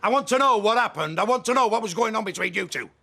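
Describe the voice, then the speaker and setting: An actor playing a jealous pub landlord, suspicious and accusing, in a television soap drama. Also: male voice, sits high, lively intonation, quick pace, creaky, pushed and bright, full character voice. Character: jealous, grumbling older male pub landlord.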